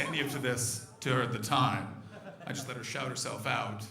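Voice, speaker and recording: A male stand-up comedian on a comedy club stage, talking brashly and profanely and breaking into loud shouts. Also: medium pitch, steady tone, moderate pace, gravelly. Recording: echoey club room with audience noise.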